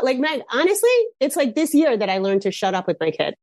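A woman hosting a casual podcast interview, energetic and frank, swearing casually. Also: mid-range voice, a little fast, few pauses, no echo, studio quality. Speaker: podcast host.

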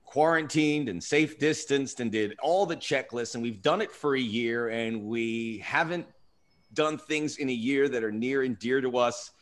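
A man's voice: medium pitch, measured pace. A man hosting his own podcast, chatting in a conversational, reflective way. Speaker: podcast host. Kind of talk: casual podcast chat.

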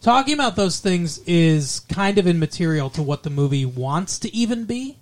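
A man co-hosting a casual movie review podcast, rambling and joking, slipping into quick impressions. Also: high-pitched, lively intonation. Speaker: podcast co-host.

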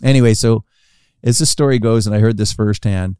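Male storyteller, low and warm, animated when quoting, dry close podcast sound. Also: a little fast, clean tone, no room sound. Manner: animated storytelling, acting out quoted lines with rising pitch. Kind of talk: casual anecdote telling.

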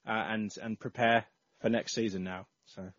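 A man's voice: lowish voice, fairly even intonation, unhurried, a bit bright, no room sound. A man hosting a casual football podcast, reading out listener entries with lots of ums and uhs. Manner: reads out listener entries with many fillers. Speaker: podcast host. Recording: slightly dull lo-fi audio.

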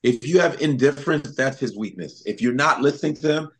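In a casual interview, this Chicago comedian tells stories full of laughter, animatedly breaking into impressions. He speaks fairly quickly in a mid-range voice that carries a breathy edge.

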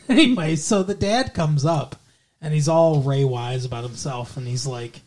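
A man's voice: on the high side, unhurried, a little mellow. A man co-hosting a podcast, telling a story in a loose, rambling way and chuckling now and then. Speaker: podcast co-host. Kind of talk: casual chat recapping a TV episode.

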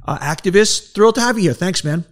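A man hosting an interview, asking long halting questions in a friendly way. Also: sits high, animated. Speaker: interview host. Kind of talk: casual interview.

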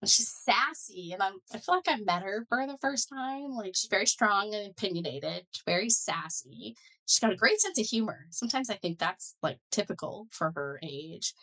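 A woman's voice: mid-range voice, normal speed, husky, rough recording. A middle-aged woman talking as an interview guest, telling her story with lots of "like" and "you know". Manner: animated storyteller, many "like" and "you know" fillers. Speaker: guest, foundation director and neuroscientist. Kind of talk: conversational interview.

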